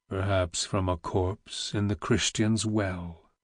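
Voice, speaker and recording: A man reading an audiobook, voicing a weary, heavy old vizier who speaks slowly in a deep, rumbling, almost whispered growl. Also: steady tone, no room sound, clean studio sound. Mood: grave. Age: older. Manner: slow, grave and weighty.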